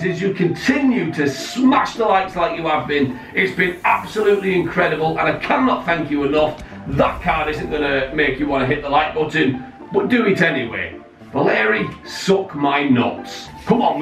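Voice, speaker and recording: A man hosting a gaming video, giving excited pack-opening commentary, often shouting and swearing at the game. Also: on the high side, vocal fry. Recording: roomy distant mic with faint music.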